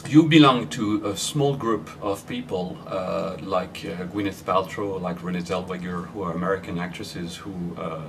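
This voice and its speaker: A man from France with a French accent interviewing an actress, halting and searching for his English words. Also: sits low, creaky, far from the mic, background noise. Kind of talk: interview questions. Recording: voice from off-mic.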